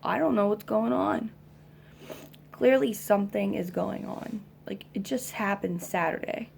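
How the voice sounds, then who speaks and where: A mother venting about her kids in a rambling, halting way, exhausted, with lots of fillers, at home. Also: medium pitch, vocal fry, a little hiss or hum.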